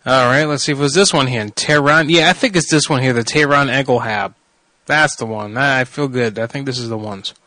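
A man's voice: mid-range voice, fairly quick, sharp tone, no echo. Male host, casual and amused, telling a story in a dry studio. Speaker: radio host. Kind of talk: casual chat.

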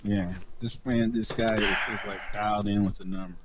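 A man's voice: lowish voice, fairly even intonation, moderate pace, background noise. A man co-hosting a radio show, cracking crude jokes in a casual way. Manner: crude joking. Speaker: radio co-host. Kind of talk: casual on-air chat.

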